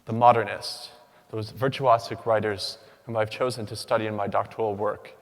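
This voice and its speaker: A man giving a rehearsed academic talk from a stage, with rhythmic, measured delivery and deliberate pauses. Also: fairly low pitch, steady tone. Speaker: doctoral student speaker. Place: large hall. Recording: long hall reverb.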